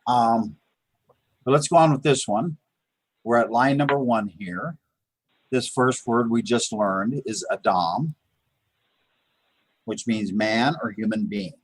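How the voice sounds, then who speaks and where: Slow and breathy, with frequent pauses, a man at medium pitch and with no room sound leads a beginners' Hebrew lesson streamed live from a Chabad house. He patiently sounds out and repeats words, with lots of fillers and restarts.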